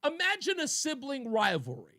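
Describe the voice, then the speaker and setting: A male talk radio host speaks in a high, bright voice from a studio. He talks in an animated, mocking way and often breaks into laughter. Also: normal speed. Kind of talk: political talk radio monologue.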